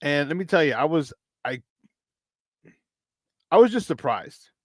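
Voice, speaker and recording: A man from hosting a casual morning sports talk show, rambling and excitable, breaking into laughs. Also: on the high side, a little slow, no echo, clean studio sound.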